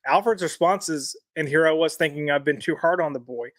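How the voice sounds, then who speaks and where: A man's voice: a little high, a little fast, no room sound, studio quality. A man co-hosting a weekly comics podcast in casual chat, reading lines aloud and checking the live chat.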